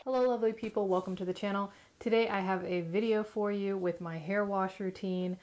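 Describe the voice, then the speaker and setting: A woman's voice: medium pitch, fairly even intonation, fairly quick, darkish tone, a little hiss or hum. A young Californian woman in a casual vlog, chatty and rambling with lots of "like", her speech slightly muffled after dental surgery. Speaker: beauty vlogger. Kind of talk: casual chat to camera.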